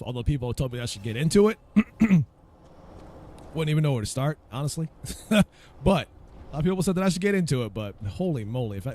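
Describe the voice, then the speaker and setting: A gaming video creator with a medium-pitched, dark voice gives casual, profane commentary as he plays. He rants, swears freely and mutters to himself while searching.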